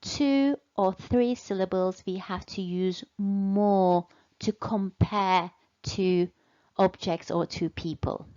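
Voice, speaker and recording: A woman teaching English in a slow, deliberate way, patiently repeating and stretching out key words for learners. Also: medium pitch, dark tone, dull audio. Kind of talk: slow, deliberate language lesson.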